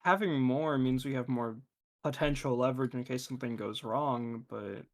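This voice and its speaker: A man's voice: mid-range voice, normal speed. A man playing a tabletop game, talking in a hesitant, rambling way. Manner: hesitant, rambling, lots of fillers. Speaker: player. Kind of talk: casual game chat.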